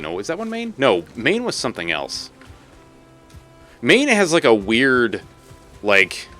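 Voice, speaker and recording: A man's voice: medium pitch, fairly bright tone. A man from Massachusetts chatting casually on a live stream while gaming, rambling, laughing and swearing freely.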